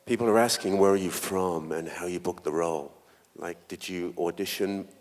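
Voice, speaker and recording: A male actor from London speaking on a convention panel in a relaxed, hesitant way, drawing the audience in. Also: low voice, moderate pace. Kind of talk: casual panel talk. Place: large convention hall. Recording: reverberant hall with audience.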